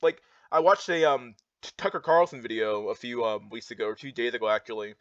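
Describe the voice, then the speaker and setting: A man's voice: mid-range voice, a little fast, a bit bright, dry recording. A young man in a heated, rambling rant, full of fillers and restarts. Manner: heated, repetitive, filler-heavy with many restarts. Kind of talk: ranting monologue reacting to charts. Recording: dull lo-fi dry sound.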